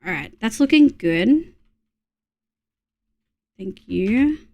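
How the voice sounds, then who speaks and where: Her voice is warm, animated, and medium in pitch, delivered very slowly. The young Australian streamer chats casually to viewers as she games, talking to herself and cursing when something frustrates her.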